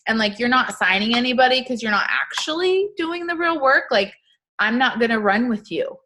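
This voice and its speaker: A woman's voice: fairly high pitch, moderate pace, pushed and bright, slight background noise. Chatty upbeat woman leading a team. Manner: chatty, upbeat, lots of "like" fillers. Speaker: network marketing team leader. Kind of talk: casual motivational talk.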